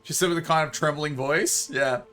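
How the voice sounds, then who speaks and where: A man's voice: fairly high pitch, steady tone, normal speed, pushed and bright, faint music behind. A man chatting casually on a live stream, laughing often and swearing casually, into a desk microphone.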